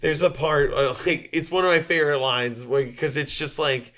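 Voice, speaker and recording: A man's voice: on the high side, steady tone, moderate pace, bright, forceful tone. A man co-hosting a comedy podcast, telling a story in a rambling, profane way and often laughing. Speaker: podcast co-host. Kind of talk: casual comedic chat.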